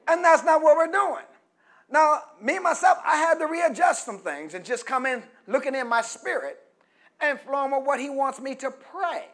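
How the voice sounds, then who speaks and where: A middle-aged man preaching a sermon, prompting the congregation to finish his phrases and swinging between quiet teaching and loud, emphatic preaching. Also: extremely high pitch, expressive, moderate pace.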